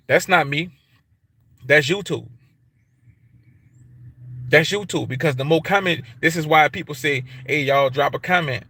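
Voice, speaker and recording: Bright-voiced man ranting on a livestream. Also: on the high side, dry recording. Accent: African American English. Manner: repetitive, emphatic, heavy swearing, street slang. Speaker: YouTube livestream host. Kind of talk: profane casual livestream rant.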